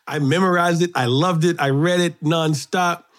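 Middle-aged guy from brooklyn telling stories in an interview, animated, voice jumps up when he gets going. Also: normal speed. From Brooklyn, New York. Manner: animated storyteller, rises in pitch when excited. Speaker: guest, children's author and poet. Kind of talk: storytelling interview.

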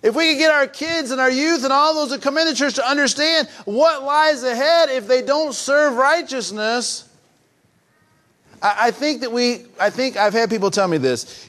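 High-voiced older male preacher. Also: moderate pace. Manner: swings between raised emphatic preaching and soft hushed confiding; repeats and restarts phrases. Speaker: pastor. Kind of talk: sermon.

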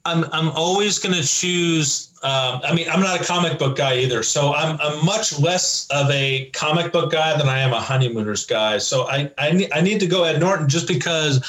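A man's voice: on the high side, moderate pace, hardly any pauses, a bit bright. A man on a comedy podcast, rambling in casual banter with plenty of hesitations. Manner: rambling, hesitant, full of ums. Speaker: podcast co-host.

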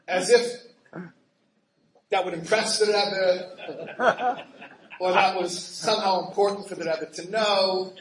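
A man telling a story in an animated, laughing way, acting out quoted voices with big jumps in pitch. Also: unhurried, long pauses. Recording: roomy echo with faint ambient noise.

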